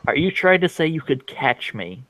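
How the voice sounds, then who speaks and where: A man's voice: on the high side, sing-song, moderate pace, bright, forceful tone, no echo, low-quality recording. A man playing a tabletop role-playing game, describing his character's actions hesitantly with many fillers. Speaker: player. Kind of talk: casual tabletop play.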